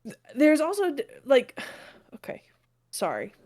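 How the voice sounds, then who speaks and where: Higher-voiced woman cohost, emphatic, chatting on a podcast. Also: wildly swooping pitch, unhurried, darkish tone. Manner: emphatic, leans hard on key words. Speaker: podcast co-host. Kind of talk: casual podcast chat.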